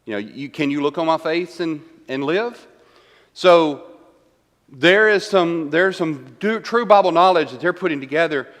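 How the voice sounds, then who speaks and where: A man's voice: on the high side, animated, unhurried, fairly bright tone. Man teaching Bible class in an echoey church room. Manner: conversational, asks rhetorical questions, tags lines with "right?"; paraphrases verses and repeats key lines for emphasis. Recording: reverberant church room, long echo.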